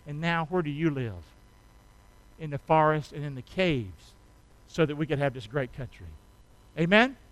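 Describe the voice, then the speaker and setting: A man preaching a sermon, prompting his congregation to answer back, dropping soft and low at times and then bursting out loud. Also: clean tone, dry recording, low-quality recording. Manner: swings from soft and low to sudden loud shouts. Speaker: pastor.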